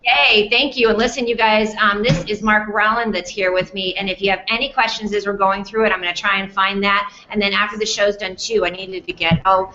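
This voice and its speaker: A woman's voice: mid-range voice, steady tone, brisk, few pauses, pushed and bright, a little hiss or hum. A woman hosting a live conference chat from a theater stage, bubbly and effusive in casual interview talk. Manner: bubbly, effusive, laughs often. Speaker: host. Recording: echoey room, dull lo-fi sound.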